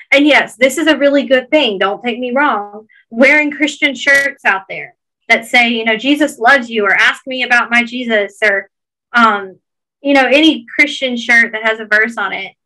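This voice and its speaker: A woman's voice: on the high side, normal speed, sharp tone, low-quality recording. A woman with a Georgia Southern accent, earnestly encouraging listeners in a casual podcast chat.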